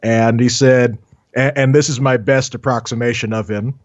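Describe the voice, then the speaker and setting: A man's voice: medium pitch, steady tone, moderate pace, dry recording, muffled recording. A man from Southern California, an animator and voice actor, chatting as an interview guest with a stammering, self-mocking manner. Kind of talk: casual interview chat.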